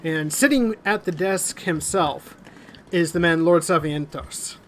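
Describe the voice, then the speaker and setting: A man narrating a tabletop game as game master in a relaxed way, often pausing on "uh". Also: on the high side, slight background noise. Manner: relaxed, many "uh" fillers.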